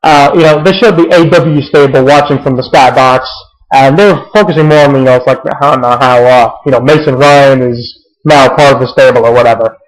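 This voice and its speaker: A man's voice: mid-range voice, brisk, low-quality recording. A young man casually recapping a wrestling show, rambling with many fillers and restarts and swearing freely.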